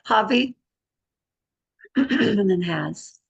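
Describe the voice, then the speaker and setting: A woman's voice: mid-range voice, expressive, drawn-out words, gravelly, husky, lo-fi sound. A middle-aged woman in a casual spiritual group talk, sharing a personal story in an earnest, rambling way. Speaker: group discussion participant.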